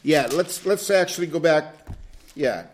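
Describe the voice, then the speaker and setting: Guy teaching a bible class, kinda high voice, gets loud then goes hushed acting stuff out. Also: a little slow, a little hiss or hum. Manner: animated, plays out quoted dialogue with swings from loud to hushed. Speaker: Bible study leader.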